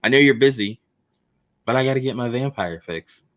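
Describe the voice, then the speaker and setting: A man's voice: mid-range voice, fairly quick, a bit bright. A man co-hosting a gaming talk stream in casual chat, laid-back and explaining his plans with plenty of fillers. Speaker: co-host and game organizer.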